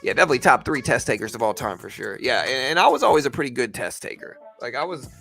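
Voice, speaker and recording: A man's voice: mid-range voice, sing-song, quick pace, creaky, fairly bright tone, soft background music. A man hosting a trading live stream from home, talking in a rambling, casual way full of fillers like "man" and "like".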